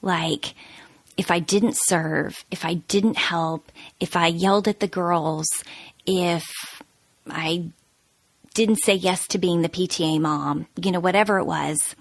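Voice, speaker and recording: Earnest low-voiced woman telling her story. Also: slow pace, dry recording. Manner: earnest, confessional, animated. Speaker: podcast guest. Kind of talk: candid personal storytelling.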